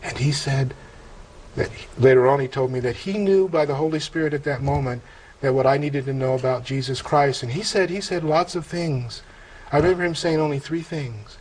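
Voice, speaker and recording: An older man giving a personal testimony in conversation, earnest and reflective, with halting restarts. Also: mid-range voice, a little mellow, slight background noise, low-quality recording. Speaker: interview guest telling a conversion story.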